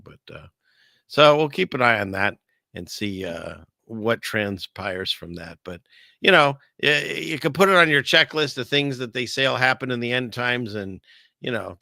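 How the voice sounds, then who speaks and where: A man's voice: fairly low pitch, vocal fry, bright, forceful tone, no echo, clean studio sound. A man hosting a casual livestream, rambling through news stories with jokes and chatting with viewers. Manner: rambling, jokey, reads chat aloud. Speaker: online show host.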